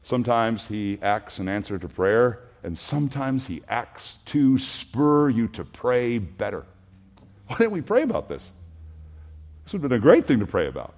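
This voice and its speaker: A man's voice: mid-range voice, sing-song, normal speed, a little mellow. A man preaching an expository sermon in an earnest, emphatic way, posing rhetorical questions. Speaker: pastor.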